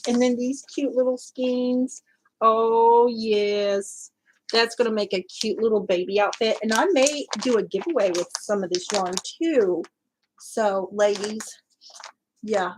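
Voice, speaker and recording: On her crafting channel, a woman unboxes a gift and chats casually, gushing and exclaiming while often choking up near tears. Her voice sits in the mid range, and the poor audio carries a slight hiss or hum.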